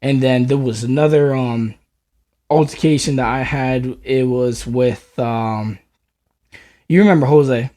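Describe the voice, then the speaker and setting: A man's voice: mid-range voice, unhurried, warm tone. A man co-hosting a podcast, telling a story in a rambling way, full of filler words and swearing. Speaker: podcast co-host. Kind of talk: casual storytelling chat.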